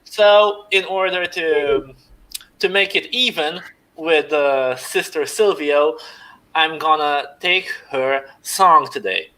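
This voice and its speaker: A man's voice: fairly high pitch, slow, pushed and bright. Jokey man with a put-on Aussie twang. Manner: jokey, puts on a poor Aussie accent. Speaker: livestream panelist singing a parody song. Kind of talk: casual banter and sung parody.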